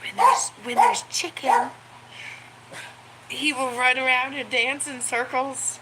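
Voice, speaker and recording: A woman's voice: slow pace, fairly bright tone, low-quality recording. A woman vlogger chatting casually about her pets, rambling with many ums and little laughs. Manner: high baby talk to her pets. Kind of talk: casual chat to camera. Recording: home recording with clear background noise.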